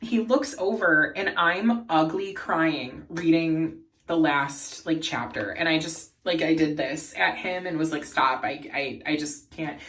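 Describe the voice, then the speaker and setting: A man vlogging in a casual, earnest and emotional way, laughing softly as he talks. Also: on the high side, a little slow, recorded from a distance. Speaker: beauty and lifestyle vlogger. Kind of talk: casual chat.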